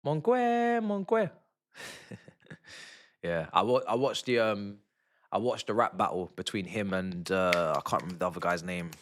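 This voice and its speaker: A young man, giving excitable and slangy live commentary as he watches a football match with his stream. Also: lowish voice, normal speed, pauses often. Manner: excitable, slangy, shouting at goals. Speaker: fan streamer.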